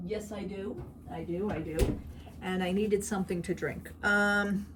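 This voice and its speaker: A woman's voice: medium pitch, normal speed, background noise. A middle-aged woman chatting in a rambling, talkative way for her vlog, laughing at her own stories. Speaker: vlogger. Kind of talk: casual chat.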